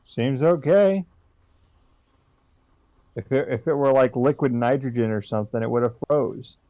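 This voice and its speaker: A man's voice: medium pitch, measured pace, warm tone, dry recording. A man playing a tabletop game, thinking aloud and hesitating as he describes his moves, on a dull lo-fi mic. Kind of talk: casual play and banter.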